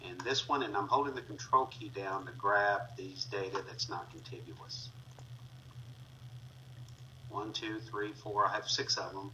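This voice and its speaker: Bright-voiced man walking through a tutorial. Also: fairly low pitch, lo-fi sound. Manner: talks through steps as he clicks, with fillers. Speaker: instructor. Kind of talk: screen-recorded spreadsheet tutorial. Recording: distant mic with faint noise.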